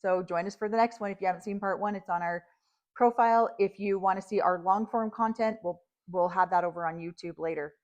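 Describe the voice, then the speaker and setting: A woman co-hosting a podcast, reacting to a reality show with animated, indignant, exasperated commentary. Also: mid-range voice, fairly quick, muffled recording. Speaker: podcast co-host.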